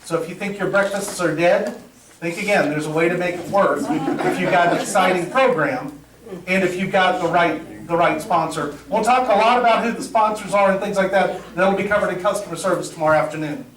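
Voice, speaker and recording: A middle-aged man with a fairly high voice runs a live training workshop. He tells lively stories and acts out the dialogue for his audience. The sound is roomy and picked up from a distance. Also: a little fast. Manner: energetic storyteller, acts out dialogue, laughs at own jokes. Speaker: presentation skills trainer. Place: meeting room with audience.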